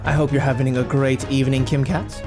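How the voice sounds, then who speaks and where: A man's voice: mid-range voice, flat delivery, brisk. Upbeat man streaming, chatty and joking, over game music. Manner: upbeat, joking, greets viewers. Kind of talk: casual live stream chat. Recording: game music playing behind.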